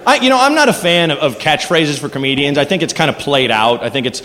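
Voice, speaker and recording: A man performing a stand-up comedy set on a club stage, animated and crude, acting out voices. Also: a little high, quick pace, some chatter behind. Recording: reverberant noisy club recording.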